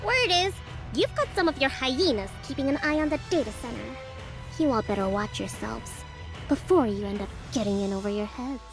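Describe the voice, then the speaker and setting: A woman's voice: high-pitched, expressive, moderate pace. A woman voicing an arrogant young female company head in a game, speaking with a haughty, condescending drawl. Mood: threatening. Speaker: game character. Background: game music.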